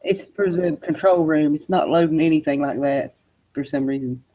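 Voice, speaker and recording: A man hosting a live stream while he paints, laid-back, chatting with short replies and soft laughs. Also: fairly high pitch, normal speed. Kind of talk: casual chat.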